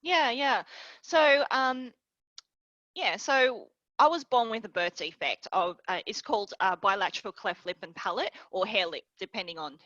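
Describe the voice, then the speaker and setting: An Australian woman, a guest and leadership coach, telling her story in an earnest, measured way over a video call. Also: mid-range voice, animated, fairly bright tone, no room sound, muffled recording. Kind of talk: interview.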